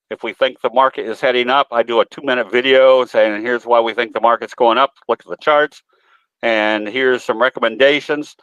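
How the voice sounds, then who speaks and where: A man's voice: medium pitch, a bit bright, dry recording, lo-fi sound. A man presenting in a webinar, talking in a folksy, rambling way with many filler sounds. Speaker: guest presenter, trading educator. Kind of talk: webinar talk with a folksy anecdote.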